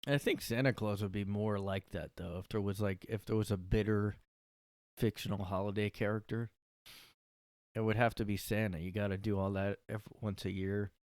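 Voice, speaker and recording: A man's voice: fairly low pitch, fairly even intonation, normal speed, a little mellow, no room sound, clean studio sound. Offhand man musing on a podcast. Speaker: podcast host. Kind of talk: casual solo podcast talk.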